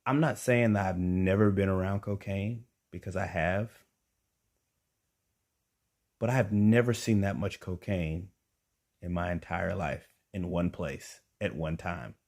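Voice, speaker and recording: A young man telling a stand-up comedy story, animated, acting out the people in it. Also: sits low, measured pace. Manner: animated, acts out quotes with rising emphasis.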